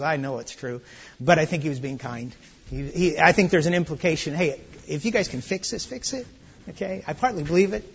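High-voiced preacher in an echoing hall. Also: male voice, a bit bright. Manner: conversational, many restarts, rising emphatic questions. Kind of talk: Bible study sermon. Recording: muffled audio in a reverberant church hall.

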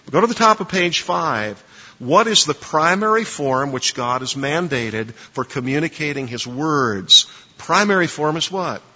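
A man's voice: a little high, animated, a little slow, sharp tone, breathy edge. A man lecturing a class on preaching, emphatic, quizzing listeners to fill in blanks in their notes. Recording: dull lo-fi recording with long reverb.

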